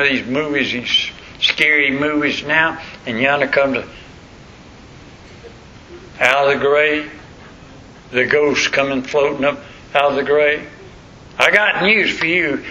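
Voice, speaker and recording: A man's voice: mid-range voice, pushed and bright. An older man preaching a sermon in a folksy, rambling storytelling way. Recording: muffled lo-fi recording with faint noise.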